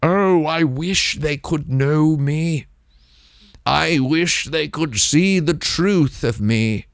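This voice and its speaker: A man doing a theatrical young woman who sighs out her lines in a slow, affected drawl. She is lofty and self-absorbed, and pitched a touch above the performer's own voice. The sound is dry and very close to the mic. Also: dry recording. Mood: wistful, lofty. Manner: slow, affected, grandly wistful. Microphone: close dynamic microphone.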